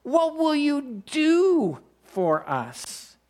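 A preacher voicing a skeptical, demanding crowd. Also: male voice, very high-pitched, wildly swooping pitch, extremely slow, darkish tone, voice pushed up, heavily acted. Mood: challenging.

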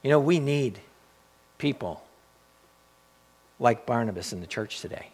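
A male pastor preaches a sermon in a storytelling style, frequently repeating and restarting his phrases. His mid-range voice is expressive and a little mellow, with a measured pace.

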